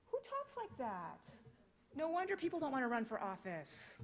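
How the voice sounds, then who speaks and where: A woman's voice: sits high, wildly swooping pitch, moderate pace. An American woman giving a conference keynote, speaking passionately and emphatically with many rhetorical questions. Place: conference hall. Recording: long reverb of a conference hall.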